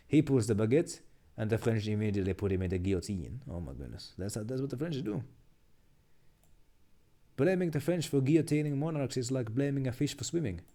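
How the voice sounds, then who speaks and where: Animated man chatting through memes. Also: medium pitch, a little fast, pauses often. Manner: chatty, muttering, laughs at jokes, many restarts. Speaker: streamer reacting to memes. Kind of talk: casual live-stream commentary.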